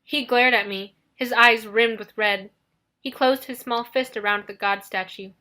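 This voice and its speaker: Bright-voiced woman narrating an audiobook. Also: fairly high pitch, fairly even intonation, measured pace. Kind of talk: scripted first-person audiobook narration.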